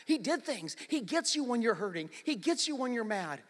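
A man preaching a sermon, swinging between near whispers and shouts and repeating phrases for emphasis. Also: extremely high pitch, very animated, moderate pace. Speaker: pastor. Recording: long reverb of a large hall.

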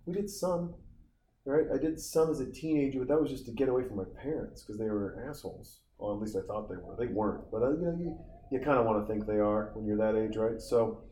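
A man's voice: mid-range voice, a little fast, mellow. A middle-aged man from Montana giving a rambling, profane, easily sidetracked running commentary while watching a movie. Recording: echoey room with faint ambient noise.

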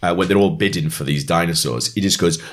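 A young man chatting casually as a podcast co-host, sweary and animated when he tells a story. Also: sits low, fast. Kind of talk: casual chat.

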